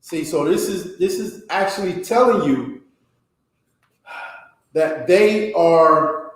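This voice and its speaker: A man teaching a class, reading a text aloud and explaining it, often checking with a quick "okay?". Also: fairly high pitch. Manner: slow, ends phrases with a checking "okay?". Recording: very echoey room.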